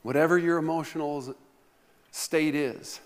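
A man's voice: a little high, steady tone, normal speed. Man preaching in an echoing hall. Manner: storytelling preacher, playful humor, rhetorical questions to the congregation. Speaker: pastor. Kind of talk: sermon. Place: large church hall. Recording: long reverb of a church hall.

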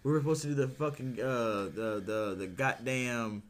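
A man in his thirties co-hosting a podcast, chatting casually and swearing a lot. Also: moderate pace. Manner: swears a lot, bursts into falsetto song. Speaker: podcast co-host. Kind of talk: casual chat.

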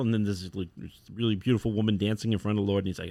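A man's voice: on the low side, fairly even intonation, fast, a little mellow, no echo. Rambling man retelling a comic. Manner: rambling retelling with acted-out quotes. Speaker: podcast co-host. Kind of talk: casual chat.

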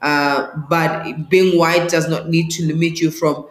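A woman, a spiritual teacher and healer, speaking as an interview guest in an animated way, acting out the voices she quotes. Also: sits low, unhurried. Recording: roomy echo.

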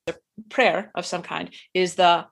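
A woman's voice: on the low side, fairly even intonation, unhurried, creaky. A woman co-hosting a casual podcast chat, talking in an earnest, reflective way and often trailing off mid-thought. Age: adult with a young daughter. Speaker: podcast co-host.

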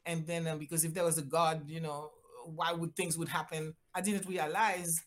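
An older woman from Haiti, a physician guest telling a personal story with lively voiced-out quotes and big swings in pitch. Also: moderate pace. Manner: animated, acts out voices with big pitch jumps.

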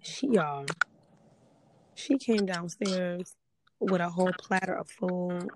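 A woman's voice: fairly low pitch, takes it slowly, a little mellow, a little hiss or hum. A woman hosting a casual podcast, chatty and repeating herself for emphasis as she talks straight to her listeners. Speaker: podcast host.

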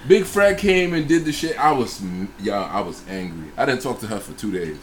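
A man's voice: medium pitch, normal speed, slight background noise. A man casually telling a personal story in a group chat, swearing freely and acting out the voices of the people in it. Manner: profane, animated retelling with acted-out quotes.

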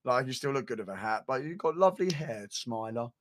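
A man's voice: medium pitch, lively intonation, brisk, slight background noise. Joking young streamer man. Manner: joking, teasing, rambling. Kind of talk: casual streaming chat.

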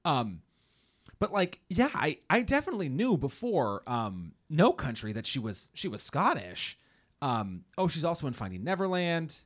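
Halting, lively male film podcaster. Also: fairly high pitch. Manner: halting, many restarts and fillers, laughs often. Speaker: podcast co-host. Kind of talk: casual film discussion podcast. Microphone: home studio mic, typing nearby.

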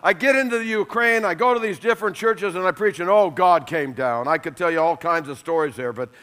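A middle-aged man preaching a sermon, lively and emphatic, telling funny stories and laughing along. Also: high voice, fairly quick. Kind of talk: sermon with humorous storytelling.

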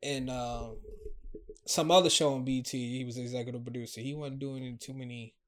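A man in casual chat with a friend, animated and slangy, laughing often. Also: medium pitch, a little fast, a little hiss or hum.

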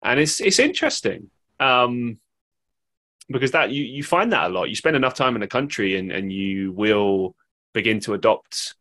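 A man's voice: mid-range voice, sing-song, moderate pace, fairly bright tone. A man with an English accent hosting a podcast, chatting casually and rambling with lots of fillers and restarts. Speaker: podcast host. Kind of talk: casual interview chat.

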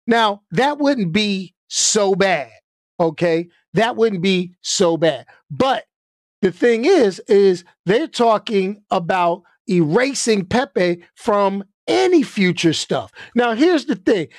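Slow, emphatic man streaming commentary. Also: high-pitched, no echo, studio quality. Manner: animated, repeats "okay?" and "all right?" for emphasis.

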